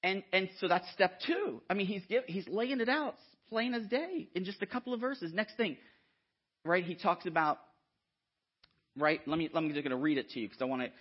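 A man preaching a sermon in an animated, conversational way, often checking in with the listeners. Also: high-pitched, normal speed, slightly rough. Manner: animated, conversational, frequent "right?" asides. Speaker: guest preacher. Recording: dull lo-fi sound.

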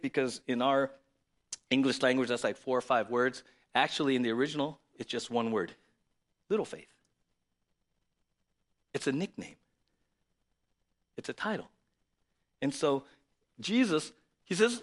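A man preaching a sermon in an animated, conversational way, often asking rhetorical questions. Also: fairly high pitch, normal speed, long pauses. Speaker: pastor.

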